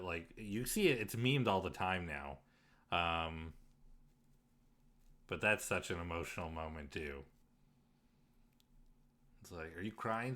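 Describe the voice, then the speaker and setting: Animated, bright-voiced male streamer. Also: sits low. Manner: animated, emotional reactions with frequent laughter. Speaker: let's play streamer. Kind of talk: live-streamed game commentary.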